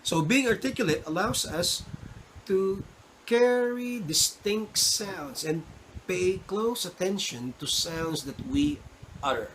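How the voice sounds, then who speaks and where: Filipino man lecturing, fairly high voice. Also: animated, slow, fairly bright tone, a little hiss or hum, poor audio. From Philippines. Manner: repeats "okay?", demonstrates pronunciations. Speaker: college English instructor. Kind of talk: recorded online lecture.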